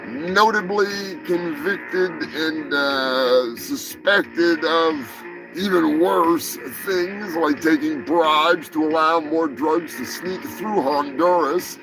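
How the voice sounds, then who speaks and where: Gravelly, sarcastic man ranting. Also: fairly high pitch, rough recording. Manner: sarcastic, profane, bursts into shouting. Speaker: host. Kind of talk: comedic rant on a live show.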